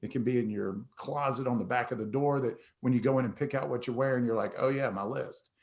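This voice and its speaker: A middle-aged man hosts a motivational talk, sharing a personal story in a loose, chatty style while acting out the dialogue with energy. He often breaks off and starts again, speaking quickly at an ordinary middle pitch. His voice has some vocal fry and a slightly mellow quality.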